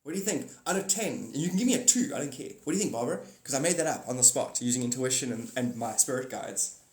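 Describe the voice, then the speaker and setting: A man's voice: medium pitch, animated, quick pace, darkish tone. A man hosting a livestream, rambling casually about spirituality and laughing often. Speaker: livestream host. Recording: echoey room.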